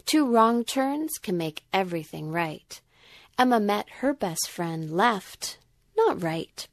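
Woman, rhyming story, gentle sing-song, slow, gravelly, dry. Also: fairly low pitch, no room sound.

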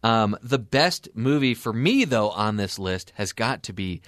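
A man co-hosting a casual movie talk show, playful and animated when telling stories. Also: fairly low pitch, a little slow, no echo, studio quality. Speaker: co-host. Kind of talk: casual chat.

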